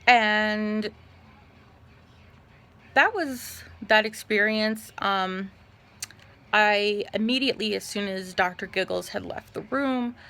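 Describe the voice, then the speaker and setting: A young woman talks to her vlog audience while lounging in bed, recounting a personal experience. Her voice has a gravelly vocal fry at mid pitch, and she speaks haltingly, pausing often and filling gaps with "um.". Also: bright, forceful tone. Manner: halting, with frequent fillers and pauses. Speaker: vlogger. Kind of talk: casual personal storytelling.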